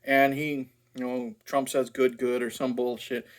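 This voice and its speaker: A man's voice: medium pitch, level tone, unhurried. Profane, sarcastic male movie reviewer. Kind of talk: casual ranting movie review.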